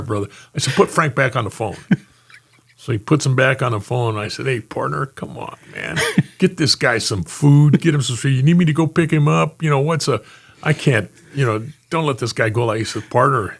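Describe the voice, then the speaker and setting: Gravelly older man telling stories. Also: mid-range voice, moderate pace. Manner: animated anecdote teller, acts out quotes, laughs often. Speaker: retired homicide lieutenant, guest. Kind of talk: casual storytelling interview.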